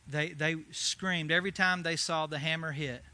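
High, sharp-voiced male preacher. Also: normal speed. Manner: animated, swings from hushed to loud. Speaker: pastor. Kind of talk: sermon storytelling.

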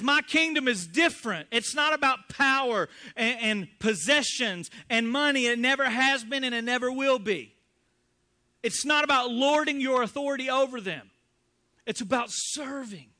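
A man's voice: high-pitched, bright, forceful tone. A man, preaching a conversational sermon and acting out the people he quotes. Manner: conversational preaching, acts out quotes, calls for congregation response. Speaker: pastor.

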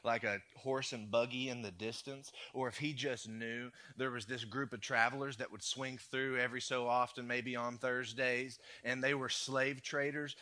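A young man with a drawl preaching in a bright, forceful voice. He tells the story casually and conversationally, and he drops in playful asides as he goes. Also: medium pitch. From United States. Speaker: pastor. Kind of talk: sermon.

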